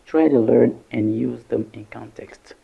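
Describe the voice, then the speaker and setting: A man teaching English vocabulary, breaking each word into syllables slowly and carefully. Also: medium pitch, creaky, phone-quality sound. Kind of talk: vocabulary lesson narration.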